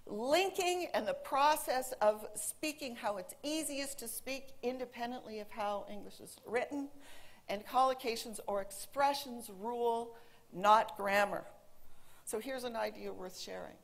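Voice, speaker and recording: A woman in her forties, an English teacher, giving a talk to an audience in a large auditorium and telling lively stories. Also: on the high side. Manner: animated storytelling, quoting her son in a put-on teen voice. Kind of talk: conference talk to a live audience.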